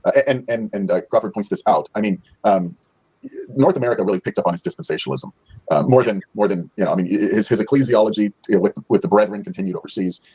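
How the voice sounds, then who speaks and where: A man in a casual livestream discussion who explains ideas quickly and agrees easily with the others. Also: lowish voice, mellow, slightly rough, rough recording.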